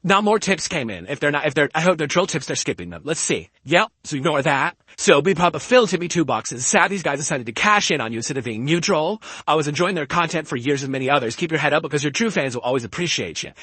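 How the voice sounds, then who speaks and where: A man's voice: fairly high pitch, lively intonation, fast, few pauses, a bit bright, no room sound. A man on a live stream, reading viewer donations aloud and rambling defensively in a voice altered by a voice changer. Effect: voice changer altering his voice.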